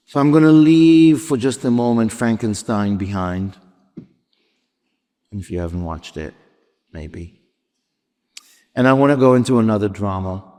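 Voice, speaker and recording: A man giving a sermon as a rabbi, retelling a story with reflective pauses and sudden drops in volume. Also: fairly low pitch, warm tone. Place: large sanctuary before a congregation. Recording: long reverb of a large hall.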